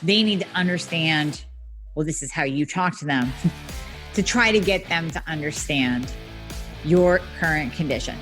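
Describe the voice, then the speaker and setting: A woman's voice: low voice, measured pace, fairly bright tone, faint music behind. A woman hosting a solo health podcast, talking straight to her listeners in a blunt, emphatic way with some mild swearing. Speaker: podcast host and functional medicine practitioner.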